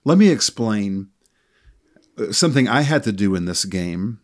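A middle-aged man co-hosting a podcast, telling a story from his work as a sports official in a calm, measured way. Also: lowish voice.

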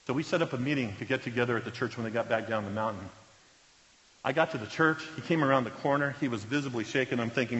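A man preaching a sermon as a pastor, telling stories earnestly and dropping to a hush at solemn moments. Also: mid-range voice, quick pace. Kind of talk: sermon storytelling. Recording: reverberant hall, dull lo-fi sound.

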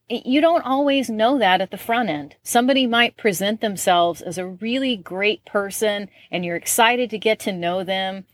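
A woman's voice: on the high side, a bit bright, dry recording. A woman hosting a solo talk show, chatty and laughing often, acting out little quoted voices as she goes. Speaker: podcast host.

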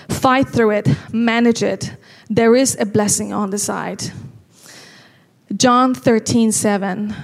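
Earnest woman preaching, slightly high voice. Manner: earnest, slow and emphatic on key lines. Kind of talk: sermon.

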